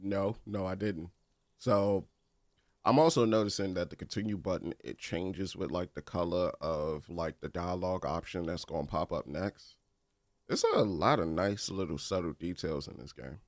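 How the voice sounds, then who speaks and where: A man's voice: sits low, moderate pace, no echo. A man casually commenting on a game, reading its text aloud with joking asides. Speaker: game streamer.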